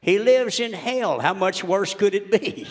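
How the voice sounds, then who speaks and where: A man doing a loud, crude ranting everyman. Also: high-pitched, lively intonation, a little slow, noisy background, voice pushed up. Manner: loud, indignant rant with shouted punchlines. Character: crude, ranting middle-aged American everyman. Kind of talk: comedic monologue.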